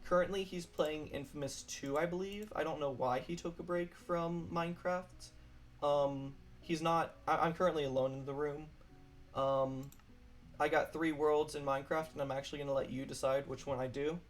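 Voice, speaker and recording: A man's voice: a little high, steady tone, normal speed, faint music behind. A man chatting casually while streaming a game alone at his computer, apologetic and rambling.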